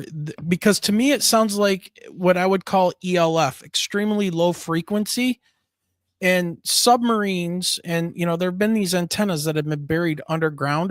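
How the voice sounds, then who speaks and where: Dude hosting a stream chat, kinda high voice, rambly with lots of ums. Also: male voice, no room sound, clean studio sound. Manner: loose and searching, with fillers and restarts. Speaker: show host. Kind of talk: casual livestream interview.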